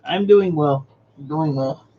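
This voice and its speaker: A man's voice: a little high, slow pace, muffled recording, noisy background. A man hosting a casual livestream, greeting viewers by name and muttering while he fixes his setup. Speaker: livestream host. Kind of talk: casual live-stream chat.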